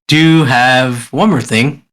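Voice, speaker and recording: A man co-hosts a podcast in a casual chat. He talks slowly and hesitates often, with plenty of fillers. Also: mid-range voice, a bit bright. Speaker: podcast co-host.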